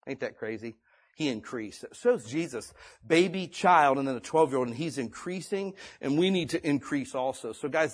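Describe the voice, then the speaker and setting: Husky, lively preaching man. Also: a little high. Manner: folksy, conversational preaching; swings between loud and hushed delivery. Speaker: pastor. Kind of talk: sermon. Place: church or meeting room.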